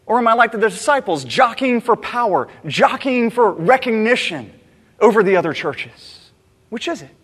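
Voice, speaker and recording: A man delivers a sermon in a fairly high voice, earnestly probing his own motives through rhetorical questions. His words ring out with a long reverb, as if filling a large church sanctuary. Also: big pitch swings, normal speed, a bit bright, husky. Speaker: pastor.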